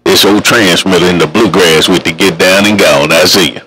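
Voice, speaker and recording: A man's voice: deep voice, moderate pace, bright, forceful tone, rough recording. Folksy man on CB radio. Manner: folksy, drawling radio banter. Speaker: CB radio operator. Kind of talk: casual radio chat. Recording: heard over CB radio.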